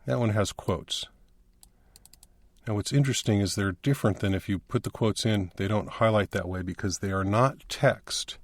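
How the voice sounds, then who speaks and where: Low-voiced man teaching a coding lesson. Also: moderate pace. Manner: plain step-by-step explaining. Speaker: instructor.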